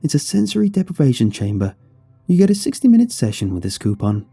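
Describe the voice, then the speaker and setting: A man voicing a frail, warm old woman who works as a spa receptionist and speaks in a shaky, doting voice. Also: a little high, very animated, fast talker, gravelly, husky, no echo, faint music behind, voice pushed up, exaggerated voice. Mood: sweet, doting. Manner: sweet, doting, calls listener honey.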